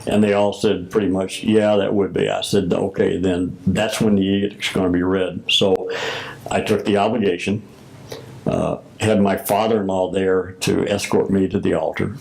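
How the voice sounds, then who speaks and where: An older man with a low voice and a gravelly edge tells his story at an unhurried pace. He recalls old conversations and plays out both sides of each exchange as he goes. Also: level tone, a little mellow, low-quality recording. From United States. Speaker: former Masonic grand master. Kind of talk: oral history recollection.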